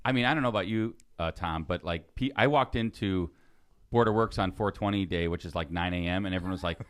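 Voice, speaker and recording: A man's voice: deep voice, fairly quick, no echo, clean studio sound. A man in his fifties co-hosting a podcast in an easygoing, laughing casual chat. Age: 50s. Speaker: podcast co-host.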